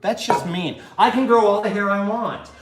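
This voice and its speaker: A man's voice: sits high, moderate pace, faint music behind. A man hosting a casual home cocktail show from his kitchen, joking and rambling with lots of fillers. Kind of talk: casual cooking chat.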